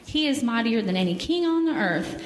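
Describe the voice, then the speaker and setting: A woman gently reading a picture book aloud to children in church, pausing to ask them questions. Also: a little high, animated, a little hiss or hum. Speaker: children's story leader. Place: church sanctuary. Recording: echoey hall with faint ambience.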